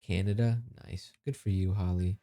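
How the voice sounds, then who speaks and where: A man in his thirties with a low, dark voice chats casually on a live stream at normal speed, his intonation fairly even, with slight background noise. He jokes around, reads chat messages aloud and laughs often.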